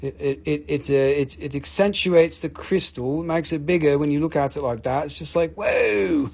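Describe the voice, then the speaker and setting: A man hosting a live mineral sale, joking, swearing, and pitching his stones with enthusiasm. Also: normal speed, gravelly, a little mellow, slightly rough. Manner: joking, profane, enthusiastic salesman. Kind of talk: livestream sales chat.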